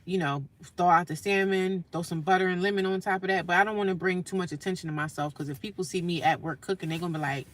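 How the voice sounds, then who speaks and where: A woman's voice: lowish voice, a bit bright, distant mic, poor audio. A tired woman chatting casually to viewers in a vlog, venting about her day while sitting in her parked car. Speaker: vlogger. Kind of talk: casual vlog chat to camera.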